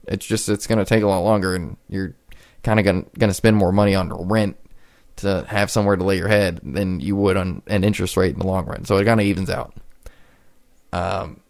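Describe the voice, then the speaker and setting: A man's voice: low-pitched, steady tone, fairly quick, darkish tone. A man in his twenties hosting a solo podcast, talking casually and rambling with frequent restarts. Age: 20s. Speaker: podcast host.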